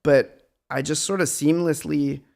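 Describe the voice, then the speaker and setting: Play a middle-aged musician sitting in as a guest, gravelly at the edges, looping back on his thoughts and undercutting himself as he reflects on the past. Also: a little high, steady tone, measured pace, a little mellow. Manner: meandering, reflective, self-deprecating. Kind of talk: casual conversation.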